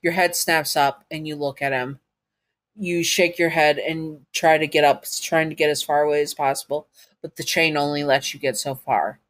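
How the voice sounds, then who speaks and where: A woman's voice: deep voice, fairly even intonation, normal speed. A woman narrating a second-person audio story to the listener, with casual asides.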